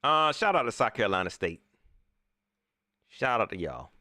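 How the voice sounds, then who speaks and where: A man hosting a casual post-game livestream, slangy and animated, often repeating himself. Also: medium pitch, normal speed, dry recording, clean studio sound. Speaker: sports talk show host.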